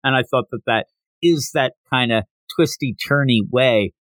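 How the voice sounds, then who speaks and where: A man hosting a podcast, recapping a comic in animated casual talk and acting out the lines. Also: mid-range voice, normal speed, no echo. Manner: animated, acts out quotes. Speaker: podcast host.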